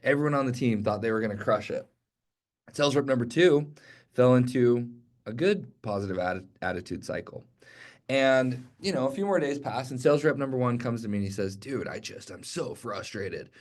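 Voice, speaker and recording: A young adult man giving a motivational sales training talk, energetic and conversational, speaking straight to his team. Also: medium pitch, fairly quick. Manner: energetic, conversational, direct address with frequent "okay?".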